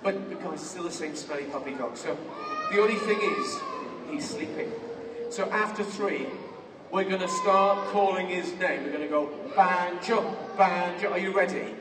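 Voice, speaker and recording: Here the same kind of scene plays out: a man with a high-pitched voice, speaking at normal speed, jokes with a young helper and yelps in mock pain during a children's magic show. He's on a large theatre stage before a crowd, captured from far away in a roomy hall full of loud crowd noise.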